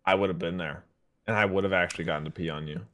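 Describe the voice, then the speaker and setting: A man's voice: deep voice, fairly even intonation, rapid-fire, fairly bright tone, highs cut off. A young man co-hosting a podcast, chatting casually and teasing with dry quips. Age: young adult. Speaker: podcast co-host. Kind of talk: casual chat.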